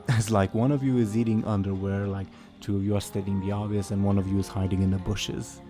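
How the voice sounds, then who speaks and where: A man narrating as game master of a tabletop game, slow and halting with many fillers. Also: fairly low pitch, little pitch movement, mellow, faint music behind.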